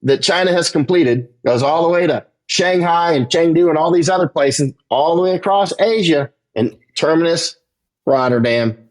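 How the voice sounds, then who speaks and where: At a normal speed and with a slightly mellow sound, this man, a war correspondent, delivers a forceful interview monologue. His voice climbs in pitch as he gets heated, and he keeps dropping in "right?"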